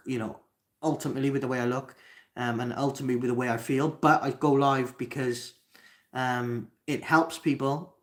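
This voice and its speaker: Cardiff guy doing a live q&a, lots of ums and false starts, reads the chat out, ordinary mid voice. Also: medium pitch. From Wales. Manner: hesitant, many ums and restarts. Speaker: livestream host. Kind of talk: live Q&A reading chat comments.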